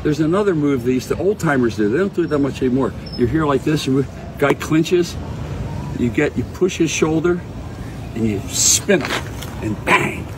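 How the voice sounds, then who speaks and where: A man giving folksy, gruff advice and boxing tips in a casual self-filmed video clip. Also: on the high side, animated, normal speed, background noise. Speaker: social media video personality.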